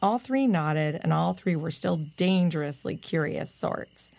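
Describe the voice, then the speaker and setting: Gravelly woman narrating a children's story. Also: low voice, lively intonation, measured pace, darkish tone. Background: music.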